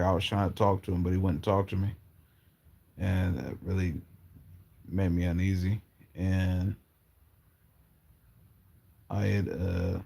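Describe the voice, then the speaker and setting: A low, gravelly man spinning halting, slangy personal stories. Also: mellow. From Portland, Oregon, US. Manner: rambling, halting, slangy, often trailing off. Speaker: storyteller. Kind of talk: casual storytelling.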